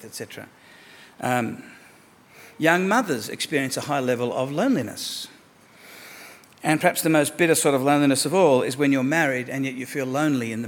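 A medium-pitched pastor preaches to his congregation with strong emphasis. Repetition underscores his points, and he moves back and forth between gentle asides and raised pronouncements.

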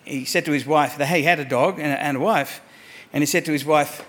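Delivering a sermon to his church, this pastor speaks briskly in a slightly high, steady voice. He drives points home by repeating words, alternating soft side comments with raised declarations.

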